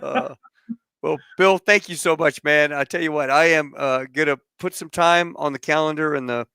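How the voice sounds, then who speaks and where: A man's voice: on the high side, fairly even intonation, moderate pace, vocal fry, pushed and bright, clean tone, no room sound. A man hosting a podcast, chatting casually and joking with his guest. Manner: easygoing, joking, brief affirmations. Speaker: podcast host. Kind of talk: casual interview chat.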